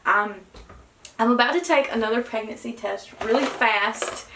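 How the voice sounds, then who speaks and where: Young woman, vlogger, gravelly fry, nervous excited chatter, echoey room, faint hiss. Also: on the high side, moderate pace. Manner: excited and nervous, many gasped exclamations. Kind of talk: casual vlog talk to camera.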